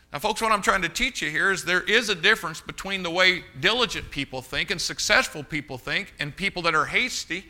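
A middle-aged male preacher with a sharp, forceful, ringing voice that sits a little high for a man. He tells a story from the pulpit, stumbling and restarting now and then and turning to address the congregation directly. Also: a little fast, hardly any pauses. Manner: animated anecdotes with frequent restarts and asides to the congregation. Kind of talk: storytelling sermon.

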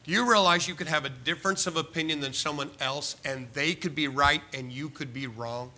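Pastor guy preaching, super bright sharp voice, jokey and emphatic, lots of questions at the crowd. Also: a little high. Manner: emphatic, joking, rapid-fire rhetorical questions. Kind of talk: sermon. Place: large church sanctuary.

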